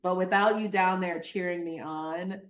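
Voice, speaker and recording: A middle-aged woman physician from Detroit telling a personal story in an interview, animated, acting out the voices of people she quotes. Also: lowish voice, normal speed. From Detroit, Michigan. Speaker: guest, physician.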